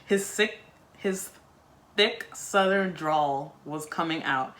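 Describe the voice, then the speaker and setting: Bright, chatty woman reading aloud. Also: low-pitched, takes it slowly. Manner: chatty, wry asides between read passages. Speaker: book-reading video host. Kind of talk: casual chat while reading a book aloud.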